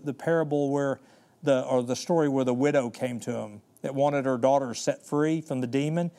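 Storytelling preacher with a higher voice. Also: male voice, mellow. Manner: storytelling, dramatic slow scripture reading. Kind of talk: sermon.

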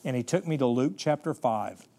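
A man preaching a sermon, dramatic, swinging between soft, slow passages and loud, quick ones, often restarting and repeating words. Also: medium pitch, expressive.

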